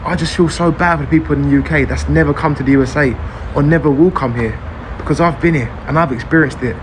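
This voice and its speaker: A man's voice: on the high side, fast talker, background noise. A man with a London accent, effusively praising a country he is visiting in a casual vlog, repeating himself. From England. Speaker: visiting tourist.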